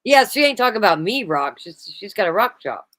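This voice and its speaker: A woman's voice: mid-range voice, sing-song, a little fast, fairly bright tone, no room sound. A woman hosting a casual live stream chat, laid-back and teasing. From United States. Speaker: host.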